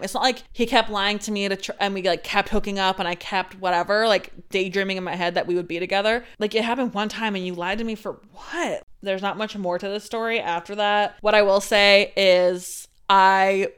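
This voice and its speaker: A woman's voice: mid-range voice, fairly even intonation, normal speed, few pauses, fairly bright tone, clear, resonant tone. A woman in her twenties hosting a podcast, telling a dating story with raw emotion, frequent swearing and bursts of rueful laughter. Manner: emotional, swears a lot, laughs through anger. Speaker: podcast host.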